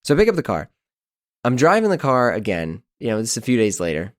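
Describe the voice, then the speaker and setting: A man in his thirties hosting a podcast, telling a story in an animated, exasperated, self-mocking way. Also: medium pitch, fast, dry recording, studio quality. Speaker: podcast host. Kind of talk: casual storytelling monologue.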